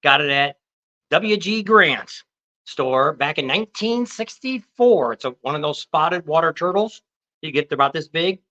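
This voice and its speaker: A man in his sixties, co-hosting a casual livestream chat as a lively storyteller who acts out other people's lines. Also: fairly high pitch, a little slow, highs cut off. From California. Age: 60s. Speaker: co-host.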